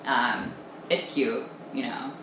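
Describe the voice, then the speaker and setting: A woman's voice: very deep voice, fairly even intonation, takes it slowly. A woman co-hosting a casual chat, telling laid-back, self-mocking stories and laughing often. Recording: echoey room with clear background noise.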